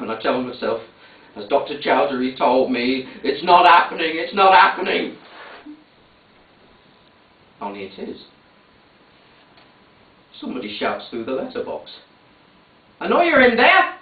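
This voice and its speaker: A man performing a comic stage monologue, fretful and anxious, recorded from far off in an echoey theatre with a tinny sound. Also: mid-range voice. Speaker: actor in a one-man stage show.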